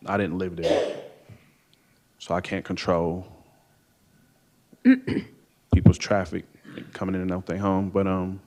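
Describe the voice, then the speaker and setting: Hesitant low-voiced man testifying in court. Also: little pitch movement, slow pace, pauses often, mellow. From Ohio, USA. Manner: hesitant and rambling, many fillers and repeated "I don't know". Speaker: defendant testifying. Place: courtroom witness stand.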